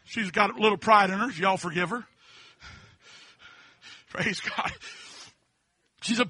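A man preaching a folksy testimony sermon, dotting his story with amens and swinging between quiet talk and shouting. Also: high voice, normal speed, pauses often, slightly rough, no echo. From Kentucky.

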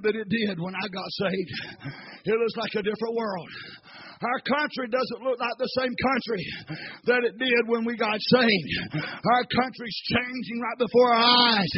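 High-voiced fervent preacher. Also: male voice. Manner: fervent, swinging from hushed to shouting, peppered with amens. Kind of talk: sermon. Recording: muffled, dull recording.

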